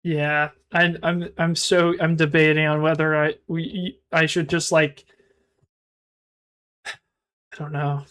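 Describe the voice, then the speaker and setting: Rambling, halting male streamer. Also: a little high. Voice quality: mumbled, self-described monotone. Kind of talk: casual live-stream chat.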